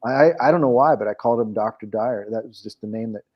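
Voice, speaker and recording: A man's voice: lowish voice, fast talker, dull audio. A man as an interview guest, telling a story in casual conversation, rambling with frequent restarts. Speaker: guest, coach and program founder.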